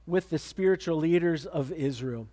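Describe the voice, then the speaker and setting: Emphatic high-voiced male preacher. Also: normal speed, warm tone. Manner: emphatic preaching with repeated words and sudden pitch swings. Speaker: pastor. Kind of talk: sermon.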